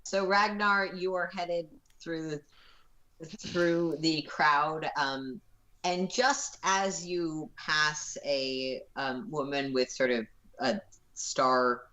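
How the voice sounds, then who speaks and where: Low-voiced woman running a tabletop game. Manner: relaxed, halting with fillers. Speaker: game master.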